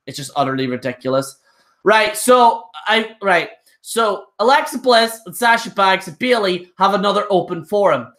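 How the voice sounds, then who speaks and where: A man's voice: sits high, expressive, normal speed, a bit bright. A young man ranting casually on a live stream, blunt and rambling, with frequent restarts. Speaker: wrestling show reviewer.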